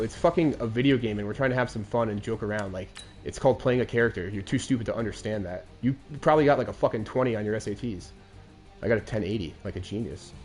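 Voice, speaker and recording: A man in his twenties hosting a game commentary show, recapping a lost Madden game in a crude, aggrieved rant. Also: mid-range voice. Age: 20s.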